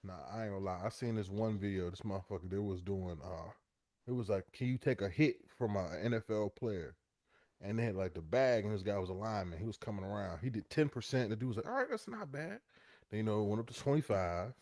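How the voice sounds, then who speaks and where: A man's voice: lowish voice, fast, darkish tone, no echo, clean studio sound. A man co-hosting a casual comedic chat, swearing freely and trading banter. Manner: profane, laughing banter. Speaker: podcast co-host.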